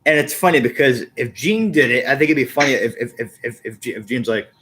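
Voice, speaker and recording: A man hosting a casual podcast chat at an ordinary middle pitch. He rambles and halts, often repeating words as he works out what to say. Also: expressive, quick pace, a bit bright. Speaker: podcast host.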